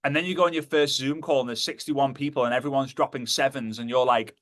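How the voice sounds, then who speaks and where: A man giving a motivational talk to a live audience, animated and jokey, slipping into acted voices. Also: medium pitch, fast, hardly any pauses, no echo. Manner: animated, acts out quoted voices, jokey asides. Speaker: motivational speaker.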